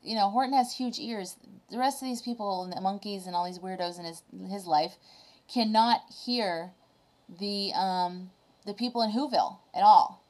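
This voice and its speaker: A woman vlogger casually retelling a children's story to camera, animated and reflective. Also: mid-range voice, normal speed.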